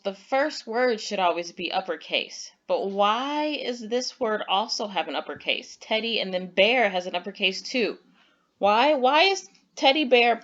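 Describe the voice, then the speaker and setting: A woman's voice: a little high, fairly bright tone, highs cut off. Patient woman teaching young kids. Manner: patient and encouraging, acting out example sentences with exaggerated emphasis. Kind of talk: online lesson for young children.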